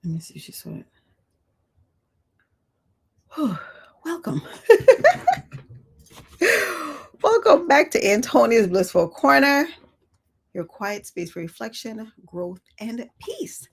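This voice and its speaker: A woman hosting a live reflective talk, speaking softly and thoughtfully, with small laughs between her thoughts. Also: on the high side, big pitch swings, takes it slowly, gravelly, long pauses, breathy edge. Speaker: host.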